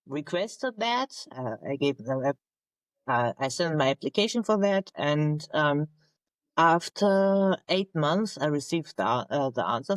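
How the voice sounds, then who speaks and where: A woman, a naval officer telling her story in English as a guest, halting as she searches for words. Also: sits low, dry recording, low-quality recording. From Germany. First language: German. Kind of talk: conversational interview storytelling.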